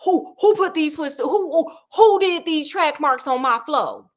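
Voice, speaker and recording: Woman doing a frantic weepy man, raised pitch, stammering questions. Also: animated, moderate pace. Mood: panicked. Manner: panicked, frantic. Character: panicky, tearful older male patient.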